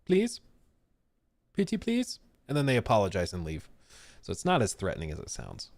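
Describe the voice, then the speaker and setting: Talking fast with big pitch swings, this low-pitched, creaky-voiced streamer and games reviewer chats casually on a live stream with no room sound. He reads chat comments aloud and rambles along self-deprecatingly, using plenty of fillers.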